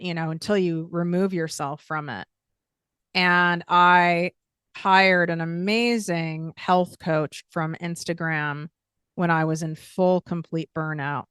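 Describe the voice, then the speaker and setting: A woman's voice: fairly low pitch, fairly bright tone, smooth, dry recording, clean studio sound. A woman in her thirties hosting a podcast, talking candidly in a casual monologue and swearing freely as she tells stories. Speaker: podcast host.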